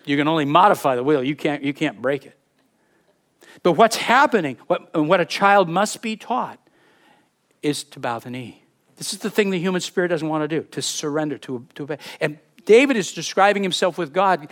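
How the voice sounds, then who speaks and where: High-voiced man preaching emphatically. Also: a little fast. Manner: emphatic, expressive preaching, reads scripture aloud. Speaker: pastor. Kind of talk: sermon.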